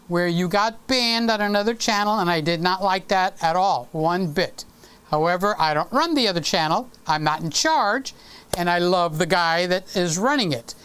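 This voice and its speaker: A man's voice: high voice, a bit bright, smooth. A man hosting a casual live stream with a sore throat, chatty and teasing, talking into a desk microphone. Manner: chatty, teasing and affectionate with viewers.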